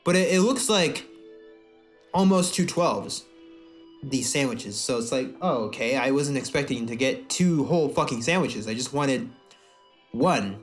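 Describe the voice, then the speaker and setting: Young man, podcast co-host, profane, rambling, swooping pitch, faint background music. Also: normal speed. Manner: rambling, profane, animated, acts out silly scenes in put-on voices. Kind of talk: crude comedic podcast banter.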